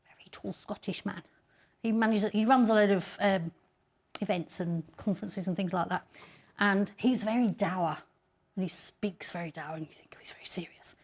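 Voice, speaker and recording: A woman's voice: mid-range voice, moderate pace. A middle-aged woman giving a chatty, self-deprecating conference talk and laughing often. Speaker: conference speaker.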